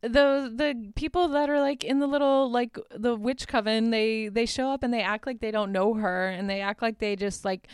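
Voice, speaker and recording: A woman's voice: a little high, fairly even intonation, moderate pace, hardly any pauses, clean tone, no echo, clean studio sound. A woman hosting a podcast, casually recapping a movie in a chatty, amused way with lots of filler words. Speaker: podcast host.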